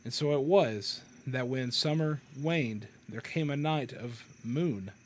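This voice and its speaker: A man hosting a podcast, reading a novel aloud with commentary in a halting, self-correcting way with chuckles. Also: mid-range voice, a little hiss or hum. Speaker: podcast host.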